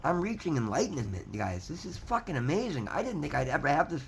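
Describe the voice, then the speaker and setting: Fast and with hardly any pauses, this fairly high-pitched male voice swings widely in pitch, and there's a little hiss or hum. It's a motivational vlogger giving a casual, earnest self-help talk to camera, calling viewers "guys," cursing freely and saying things more than once.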